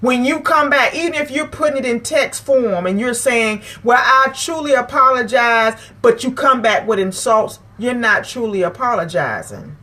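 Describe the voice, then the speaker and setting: A woman's voice: fairly high pitch, expressive, moderate pace, few pauses, a bit bright. A woman, hosting her own channel and lecturing her viewers, emphatic and repeating phrases to drive her point home. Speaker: vlog host. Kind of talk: preachy advice talk to camera.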